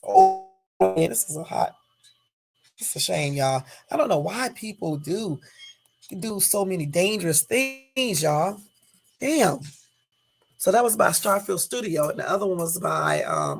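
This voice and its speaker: A woman vlogger talking casually to her viewers, rambling with frequent exclamations and asides, sometimes slowly reading news text aloud. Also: deep voice, creaky, husky.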